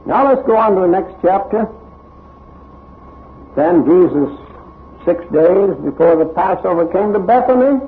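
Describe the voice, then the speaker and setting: A man's voice: high voice, slight background noise. A man preaching a sermon, reading scripture aloud with dramatic emphasis. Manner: expressive, dramatic emphasis, unhurried delivery. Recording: tinny narrow-band recording.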